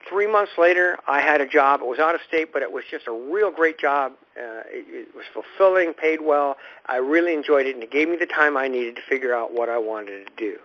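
A man with a mid-range voice hosts a spiritual radio show, talking a little fast as he teaches in a loose, rambling style. He often repeats words while restarting his thoughts, and the recording has a dull, lo-fi radio quality.

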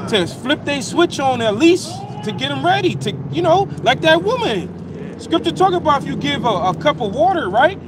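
A man's voice: extremely high pitch, normal speed. A man in casual conversation about faith, agreeing often and chiming in with his own thoughts. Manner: agreeable, chimes in, animated. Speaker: street preacher. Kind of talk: casual religious chat outdoors. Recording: outdoor street noise.

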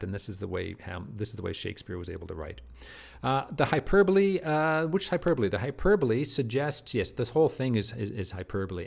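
A middle-aged man teaching literature from slides, animated, with many restarts and asides. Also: on the low side, gravelly. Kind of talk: lecture walkthrough of slides.

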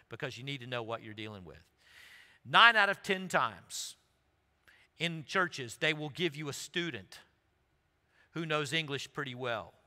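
A middle-aged male pastor preaching a sermon, telling a funny story with lively, animated delivery. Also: on the high side. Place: large church sanctuary. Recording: livestream with long hall reverb.

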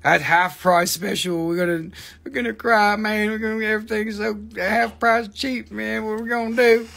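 A middle-aged man with a Southern American accent, his voice pitched noticeably high. He rambles excitedly and swears freely as he hosts a live sale. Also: moderate pace, vocal fry. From Southern United States. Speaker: host selling rocks. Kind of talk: live sales stream chat.

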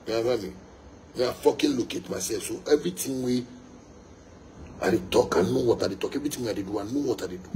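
A man's voice: medium pitch, fast, long pauses, dark tone, a little hiss or hum, rough recording. A young Ghanaian man, a musician, delivering a fiery, emphatic monologue to his fans, repeating his points and slipping into pidgin.

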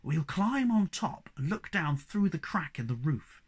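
Reader doing a hushed, hesitant wanderer figure. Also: mid-range voice, sing-song, unhurried, slightly rough. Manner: quiet, hesitant. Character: quiet, thoughtful wanderer.

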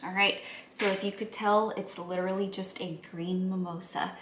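A woman talks her viewers through mixing cocktails at home in a loose, chatty way, with plenty of ums and likes. Her voice sits at a middle pitch. The room rings with echo, and faint clinks of dishes and cutlery sound in the background. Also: fairly even intonation, normal speed, noisy background. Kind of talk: casual how-to chat.

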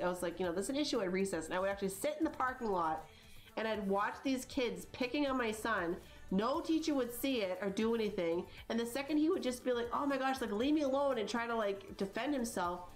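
A woman in her thirties, hosting a gaming channel, chatting casually and rambling with lots of likes and you-knows as she plays. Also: on the low side. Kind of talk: casual chat while playing a life-sim game.

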